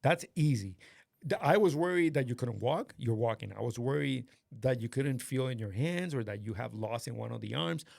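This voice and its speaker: A man host casually telling a story to a friend, animated and swearing often, acting out what others said. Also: medium pitch, normal speed, gravelly, dry recording, clean studio sound. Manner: animated, swears a lot, acts out quoted voices. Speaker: podcast host.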